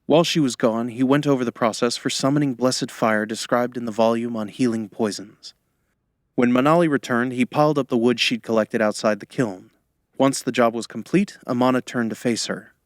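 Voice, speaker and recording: A man's voice: medium pitch, steady tone, no room sound. Man narrating an audiobook, dry close sound. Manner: measured storytelling. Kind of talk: scripted narration.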